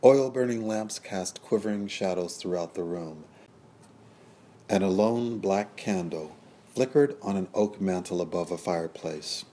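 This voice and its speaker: A man with a very low, dark, mellow voice reads a period novel aloud. His narration is measured and descriptive, with a steady storytelling manner. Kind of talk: scripted audiobook narration.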